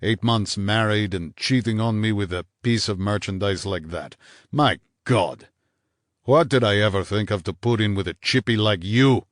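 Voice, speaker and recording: A man voicing a bitter, menacing husband in an audiobook, snarling low and clipped with contempt. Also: a little fast, few pauses, dry recording, studio quality, natural voice. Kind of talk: audiobook character voice.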